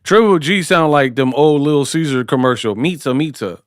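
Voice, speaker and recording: Man, boxing watch-party commentary, slangy and joking, fairly high voice, dry close sound. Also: fairly quick, smooth, no room sound. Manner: slangy, joking, breaks into impressions.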